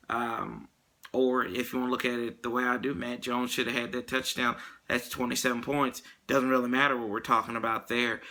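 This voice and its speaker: A man's voice: medium pitch, gravelly, sharp tone. A man hosting a sports podcast in casual, rambling talk, joking around with many fillers.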